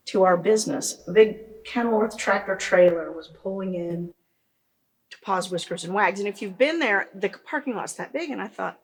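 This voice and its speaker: Earnest woman telling a story. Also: medium pitch. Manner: earnest, animated storyteller with frequent restarts. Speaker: pet aftercare business founder, guest. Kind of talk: conversational interview storytelling.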